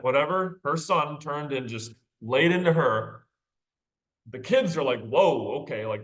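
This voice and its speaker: A man of medium pitch and a slightly bright tone lectures casually on a short story as a literature teacher, in a recording. He talks conversationally, laughing lightly and tossing out rhetorical questions like "right?" and "okay?"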